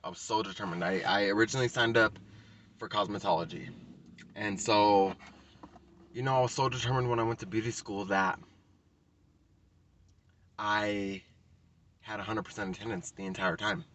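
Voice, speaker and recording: A young man tells a casual story in a fairly low voice. He talks loosely and swears often, with lots of fillers, as a hairstylist vlogging about his training. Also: fairly even intonation, normal speed, pauses often, fairly bright tone, slight background noise. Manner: casual and profane, with many likes.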